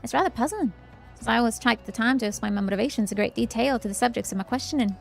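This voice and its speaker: A self-important young scholar who rambles on in prim, formal speech, as a woman reads her out from a fantasy game. Her voice sits fairly high, with faint music in the background. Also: expressive, very fast, gravelly. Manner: long-winded, prim and formal.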